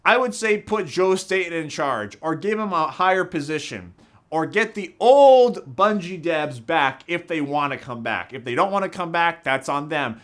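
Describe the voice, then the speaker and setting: A young man vents in a bright, forceful voice that sits a little high for a man. He talks with raw emotion and heavy swearing, and he often stops and restarts his sentences. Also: animated, normal speed. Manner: heated, profane, emotional, with frequent restarts. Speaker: gaming commentator. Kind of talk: passionate rant.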